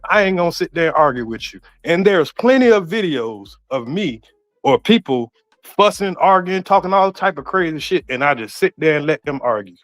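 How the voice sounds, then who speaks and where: A man's voice: on the high side, animated, normal speed. A man arguing on an online panel, defensive and repeating himself. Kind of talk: heated argument.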